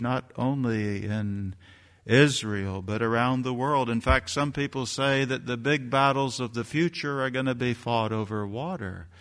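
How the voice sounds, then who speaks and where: A man preaching a sermon, his voice bright and forceful as it swells into emphatic bursts and rhetorical questions. His words ring out with a long reverb, as if carried through a large hall. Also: mid-range voice. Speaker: pastor.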